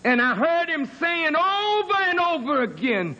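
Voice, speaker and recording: A man with a high voice delivers a sermon at an unhurried pace. He tells his story dramatically, sinking to hushed, low passages and then climbing to emphatic peaks. He speaks with earnest insistence on his honesty. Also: very animated, slight background noise, rough recording. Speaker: minister.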